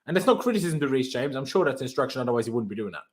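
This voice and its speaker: A man's voice: medium pitch, very animated, racing. A young man hosting a football fan stream, ranting in exasperation and firing off rhetorical questions in casual chat. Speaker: host of a football reaction stream. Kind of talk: heated post-match fan reaction chat.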